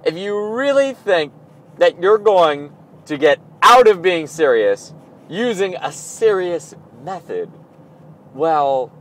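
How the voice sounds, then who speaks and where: A man's voice: sits high, sing-song, slow, a bit bright. A man recording an audio blog, talking through his thoughts in a playful, self-mocking, rambling way. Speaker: audio blogger. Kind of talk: casual spoken reflection.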